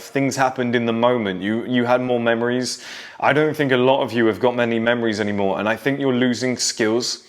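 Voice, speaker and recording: A man in his thirties talking straight to young men, telling nostalgic stories from his childhood in a casual monologue. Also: medium pitch. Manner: storytelling, nostalgic, direct address to young men. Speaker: self-improvement creator.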